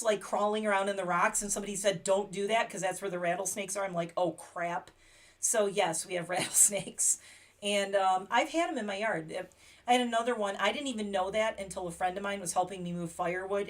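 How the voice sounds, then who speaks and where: A woman's voice: medium pitch, fairly even intonation, brisk. Rambling, chatty woman. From Pennsylvania, USA. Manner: rambling, chatty, laughs often. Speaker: livestream host. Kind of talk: casual livestream chat.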